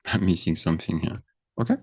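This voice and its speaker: A man's voice: deep voice, moderate pace, breathy edge. A man teaching a grammar lesson over screen share, thinking aloud and checking in with frequent questions. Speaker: French teacher.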